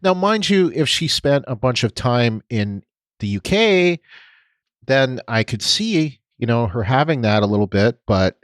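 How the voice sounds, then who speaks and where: A man's voice: medium pitch, expressive, unhurried, no echo. A man co-hosting a podcast in casual chat, rambling and hesitant with many restarts. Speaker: podcast co-host.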